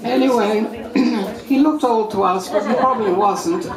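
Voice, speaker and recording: A woman from Brazil with a somewhat English accent tells a true story to a live audience, wry and animated, amused by her own tale. Her voice rings through an echoey room with the crowd clearly heard. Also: on the high side, moderate pace.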